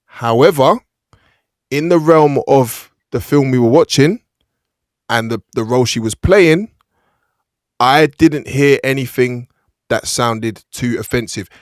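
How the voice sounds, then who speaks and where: Man co-host, mid-pitched and dry, reasoned and deliberate in debate. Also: no room sound. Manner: measured, reasoned, builds an argument. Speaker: podcast co-host. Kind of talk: casual film review chat.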